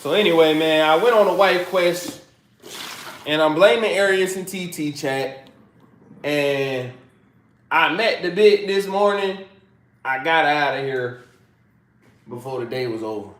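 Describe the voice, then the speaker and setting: A man's voice: on the high side, unhurried, pauses often, fairly bright tone. Man, livestream rant, rambling, profane, preachy, echoey room. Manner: rambling, profane, preachy, talks straight to chat. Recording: roomy echo.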